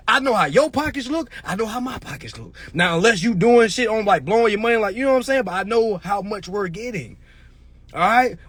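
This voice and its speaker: High-pitched young man, lively swooping delivery, blunt, preachy, swears a lot. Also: husky, no room sound. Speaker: livestream host. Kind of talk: profane motivational talk.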